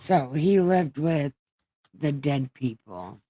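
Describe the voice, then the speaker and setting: Woman, low voice, slow, crude comic scripture reading, dry close sound. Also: lively intonation, a little mellow, no room sound. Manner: crude, joking asides. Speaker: comedy Bible reader. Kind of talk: irreverent comedic scripture reading.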